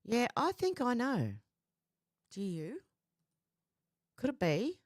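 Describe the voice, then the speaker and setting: A woman hosting a casual livestream, chatting and greeting viewers by name, her voice a little croaky from being unwell. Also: a little high, sing-song, takes it slowly, no echo, studio quality. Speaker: livestream host. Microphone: headphones with mic.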